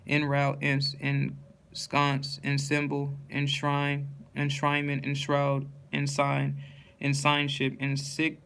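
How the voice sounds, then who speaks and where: A man reads dictionary headwords aloud in an almost completely flat, unvarying tone. His voice is smooth and clear with a gravelly edge of fry. He stumbles on tricky words and restarts them without breaking rhythm. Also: medium pitch, slow pace. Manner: monotone word-by-word reading with stumbles and restarts. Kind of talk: reading dictionary entries aloud in a steady list.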